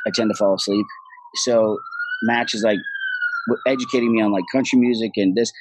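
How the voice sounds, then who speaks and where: Man, middle-aged, husky, dry close sound, lively storyteller, swears a lot. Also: lowish voice, no echo, poor audio. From Ireland. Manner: animated storytelling, swears freely, acts out quoted voices. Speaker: actor guest. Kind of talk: casual podcast chat.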